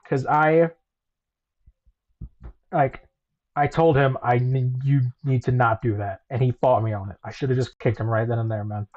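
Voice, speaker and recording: A man's voice: mid-range voice, steady tone, moderate pace, long pauses. A man hosts a livestream panel in a casual, hesitant way, restarting his sentences and doubting himself. His voice comes through muffled, lo-fi online call audio. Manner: hesitant, second-guessing, many restarts. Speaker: panel host.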